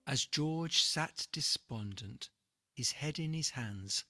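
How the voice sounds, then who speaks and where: A reader telling a rhyming children's picture book in an expressive, rhythmic read-aloud. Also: mid-range voice, takes it slowly, soft background music.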